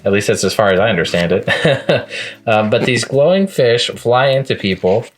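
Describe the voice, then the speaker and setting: A man's voice: medium pitch, expressive, moderate pace, slight background noise. A man talking casually in a manga review vlog, chatty and amused, often laughing at the scenes he recaps.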